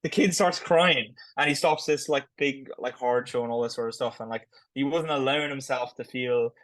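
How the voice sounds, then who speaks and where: A man co-hosting a podcast, talking in a quick, chatty way full of "like". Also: mid-range voice, fairly bright tone, no echo, poor audio. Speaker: podcast co-host. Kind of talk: casual chat.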